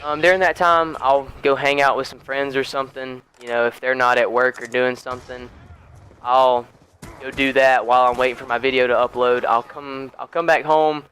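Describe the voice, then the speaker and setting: A man's voice: medium pitch, steady tone, normal speed, a bit bright, clear, resonant tone, poor audio. A young man chatting casually over gameplay, rambling with lots of fillers and restarts. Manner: laid-back and chatty. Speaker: gaming YouTuber.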